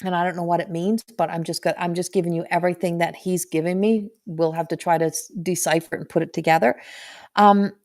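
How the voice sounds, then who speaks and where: A middle-aged woman giving a live intuitive medium reading, talking in halting, searching phrases with many restarts. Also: on the low side, little pitch movement, a little mellow.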